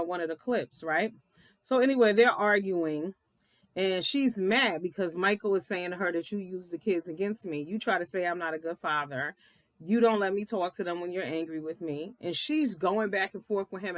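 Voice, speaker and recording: Woman, middle pitch, blunt, profane, animated, laughs often, casual recap commentary, dry close recording. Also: dry recording. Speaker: reality TV recap vlogger.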